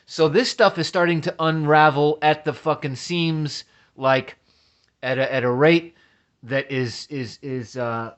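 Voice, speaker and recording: A man's voice: a little high, fairly bright tone. A man ranting as a vlogger, agitated and profane, often stammering and restarting his sentences. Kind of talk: ranting commentary.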